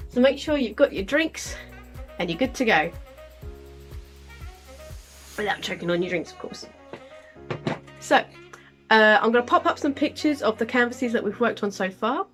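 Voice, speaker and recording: A woman hosting a crafting channel who chats warmly with viewers and reads a novel aloud as narrator. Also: medium pitch. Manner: chatty, self-deprecating. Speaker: book reader and crafting channel host. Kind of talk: audiobook narration.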